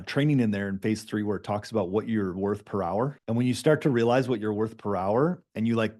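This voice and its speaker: A man coaching a group in an emphatic, animated way, hammering home points by repeating them. His voice sits in an ordinary male middle range with a mellow, warm tone. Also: mid-range voice. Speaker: business coach.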